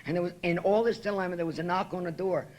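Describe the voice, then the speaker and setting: A woman's voice: fairly low pitch, fairly even intonation, fast, darkish tone, a little hiss or hum. A woman speaking at a podium in a meeting room, telling her recovery story in a blunt, profane and emotional way. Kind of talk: personal recovery talk at a meeting.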